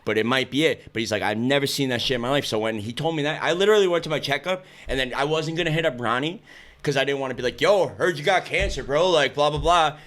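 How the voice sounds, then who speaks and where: A young man speaking quickly in a casual interview. His pitch sits in the middle range. He tells rapid, profane stories and acts out what people said. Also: a bit bright. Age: young adult. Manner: fast, profane storytelling with lots of acted quotes. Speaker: guest.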